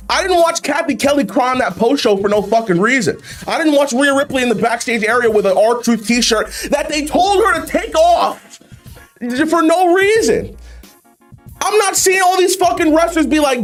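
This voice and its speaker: High, animated man ranting. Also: moderate pace, soft background music. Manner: profane, exasperated, heavy swearing. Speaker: YouTube host reacting to wrestling memes. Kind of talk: ranting commentary.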